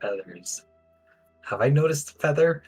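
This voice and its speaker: A man's voice: fairly high pitch, expressive, unhurried, darkish tone, slightly rough, soft background music, low-quality recording. A man playing in a tabletop game, speaking in a hesitant, mild way. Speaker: player. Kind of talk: casual tabletop play.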